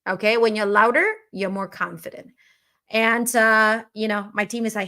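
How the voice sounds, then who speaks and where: A woman's voice: medium pitch, moderate pace. A woman hosting a live online coaching session, talking energetically and often checking in with "right?". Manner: energetic, keeps asking "right?". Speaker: host and business owner.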